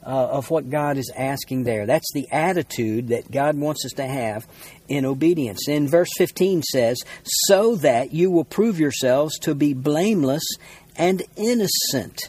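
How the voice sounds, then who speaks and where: Husky-voiced man preaching a sermon. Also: on the high side, lively intonation, measured pace, a little mellow. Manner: unscripted teaching with frequent uh fillers and repeated words; reads scripture aloud. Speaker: pastor.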